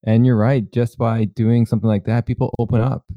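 A man co-hosting an interview, responding supportively with halting restarts. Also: medium pitch, flat delivery, dry recording, highs cut off. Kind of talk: casual interview chat.

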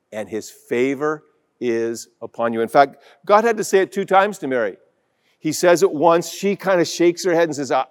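A man's voice: fairly high pitch, in a large hall. A man preaching a sermon as pastor, emphatic, acting out quoted voices as he goes.

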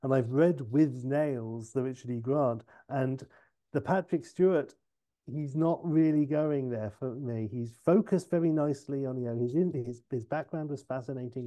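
An Englishman co-hosts a movie podcast, chatting casually and rambling with plenty of asides. His voice is medium-pitched and warm.

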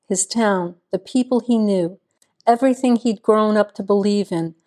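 A woman narrating a small-town crime novel in a measured storytelling manner. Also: medium pitch, a little mellow. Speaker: audiobook narrator. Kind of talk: scripted narration.

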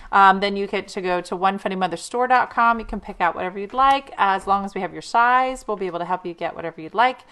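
A woman's voice: a little high, a bit bright, clear, resonant tone. A woman hosting a casual live stream, chatting and reading viewer comments aloud. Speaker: livestream host.

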